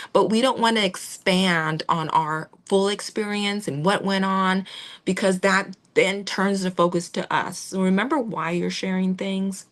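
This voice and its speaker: A woman giving a gentle, reassuring training talk to veterinary staff, with fillers and restarts. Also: medium pitch, fairly even intonation, unhurried. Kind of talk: instructional talk on client communication.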